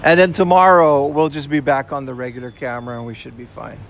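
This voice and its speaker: A man streams live as he walks city streets, his mid-range voice fast, flat, and fairly bright, with a little hiss or hum in the audio. Using a portable rig, the IRL streamer reads and answers chat in a laid-back, casual way, frequently saying "man" and "you know."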